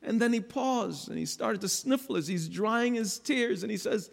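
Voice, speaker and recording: High-voiced gravelly preacher in a hall. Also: male voice, normal speed, hardly any pauses. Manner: dynamic preaching that swings from low to loud. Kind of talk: sermon. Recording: long hall reverb.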